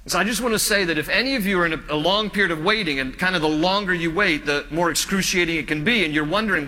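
Earnest pastor in a reverberant hall. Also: male voice, high voice, quick pace, hardly any pauses. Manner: earnest, pleading emphasis, drops to quiet. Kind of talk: sermon.

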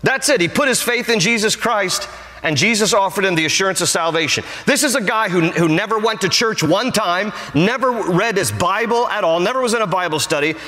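A man preaching a sermon as pastor, emphatic and animated, repeating short lines for stress. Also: high voice, brisk. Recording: long hall reverb.

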